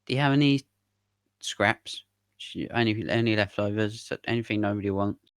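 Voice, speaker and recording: Man as a humble goblin, meek, hesitant, lowish voice, dry sound. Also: normal speed, dry recording, natural voice. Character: humble male goblin living on scraps. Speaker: player.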